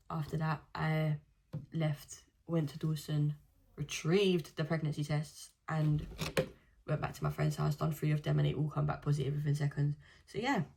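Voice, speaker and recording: A young woman chats casually to camera. Her voice sits low, and she tells her stories in a loose, slangy way. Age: 20s. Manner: chatty storytelling with slang. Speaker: vlogger. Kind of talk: casual chat.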